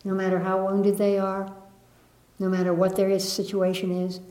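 Woman, spiritual teacher, gentle lilting delivery, live audience, roomy echo. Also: medium pitch, completely flat delivery, moderate pace. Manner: gentle, lilting, with soft laughs. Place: room with an audience. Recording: echoey room.

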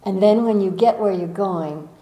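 Woman, spiritual teacher, gentle coaxing talk, rhetorical questions, echoey room. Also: mid-range voice, moderate pace. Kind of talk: inspirational talk to a gathering.

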